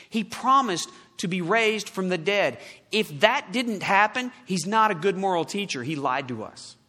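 A man preaching a sermon, forceful, with loud emphatic peaks and quiet low asides. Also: long reverb tail.

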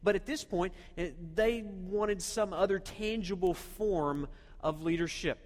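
A man preaches in a fairly high voice, leaning hard on key words and throwing rhetorical questions at his listeners. His voice carries a long reverberant tail from a big hall. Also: a little slow, darkish tone. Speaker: pastor. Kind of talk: sermon.

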